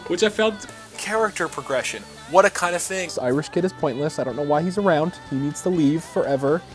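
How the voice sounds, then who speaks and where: A man's voice: fairly high pitch, brisk, soft background music. A young man hosting an opinionated TV review vlog, talking in a sarcastic, ranting way. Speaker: video reviewer and host.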